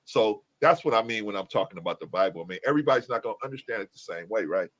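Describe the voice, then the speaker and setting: A man speaking as a panelist in a casual debate, halting and searching for his words. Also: on the low side, expressive, fairly bright tone.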